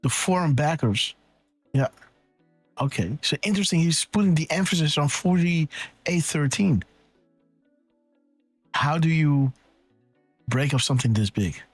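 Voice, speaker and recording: A man hosting a live decode show, rambling excitedly and thinking aloud, checking in with "right?" and "okay.". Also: on the high side, a little slow, pauses often, breathy edge, no room sound, soft background music. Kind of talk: casual live-stream commentary.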